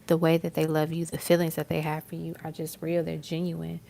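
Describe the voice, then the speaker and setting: A woman giving a live-stream tarot reading, talking in a soft, musing way with many fillers. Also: low voice, completely flat delivery, fairly quick, creaky. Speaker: tarot reader.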